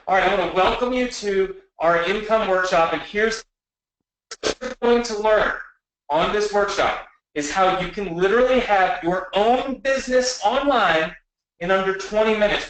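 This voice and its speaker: A man with a high voice presents an online workshop, excited and repeating his words for emphasis. He sounds roomy and somewhat distant from the microphone. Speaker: webinar presenter. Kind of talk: enthusiastic sales pitch.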